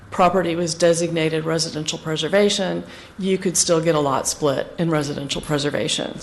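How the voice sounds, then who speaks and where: Hoarse woman, applicant's rep at a hearing, businesslike and precise. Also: sits low, a little hiss or hum. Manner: precise and businesslike, explains procedure step by step. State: hoarse, losing her voice. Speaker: representative for an applicant at a public hearing. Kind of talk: formal testimony at a planning meeting.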